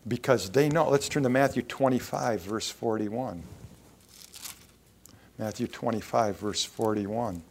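A man preaching a sermon at a mid-range pitch. He swings between quiet asides and forceful, raised lines of scripture. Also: measured pace, slight background noise. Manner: preaching with rising emphasis and quoted scripture. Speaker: pastor.

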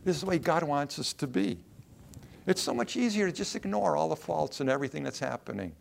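A man's voice: a little high, sing-song, a little fast, gravelly, slight background noise. A man preaching a sermon in a conversational way, asking the listeners questions and acting out short quotes. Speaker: pastor.

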